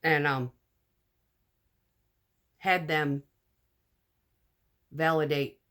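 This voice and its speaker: A woman telling a personal story in a casual storytime vlog, animated and blunt, acting out the lines of the people in it. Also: deep voice, drawn-out words. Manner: animated, acts out quoted dialogue.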